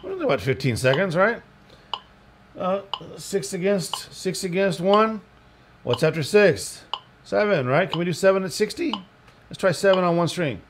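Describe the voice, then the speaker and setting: A man's voice: sits high, lively intonation, moderate pace. A man, teaching guitar in a casual, rambling way, with joking asides and counted beats. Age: 60s. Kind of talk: casual spoken lesson. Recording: audible background noise.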